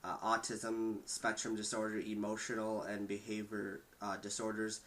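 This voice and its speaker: Lower-voiced man reading statistics aloud. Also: slight background noise, poor audio. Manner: steady, measured reading with small stumbles. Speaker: podcast host reading statistics.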